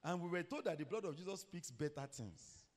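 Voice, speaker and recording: A middle-aged man preaching a sermon, telling a story and asking the congregation questions, with sudden shouted peaks. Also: a little high, lively intonation, fairly quick.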